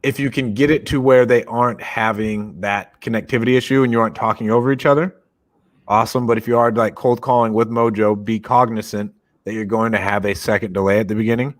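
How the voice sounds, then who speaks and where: A young man co-hosts a casual podcast and speaks in a direct, energetic way. He sounds like he is coaching a team of callers. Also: on the low side, fast. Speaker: podcast co-host.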